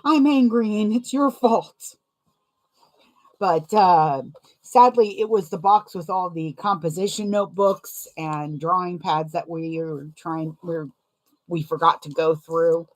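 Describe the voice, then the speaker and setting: A woman's voice: low-pitched, fairly even intonation, unhurried. A young adult woman chatting casually while sewing, rambling and self-deprecating, laughing often and wincing from a sore foot. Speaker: sewing vlogger.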